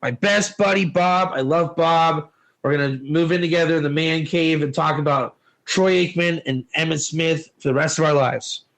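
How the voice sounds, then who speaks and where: A man's voice: high voice, takes it slowly, creaky, a bit bright, exaggerated voice, rough recording. A man voicing an overexcited young male football fan who gushes about his best buddy. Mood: gushing. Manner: gushing, giddy.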